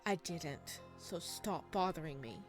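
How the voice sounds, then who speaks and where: A woman's voice: low voice, expressive, takes it slowly, over music. A woman voicing a troubled young man who pleads in a shaken, anxious way, reading a visual novel aloud. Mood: tormented.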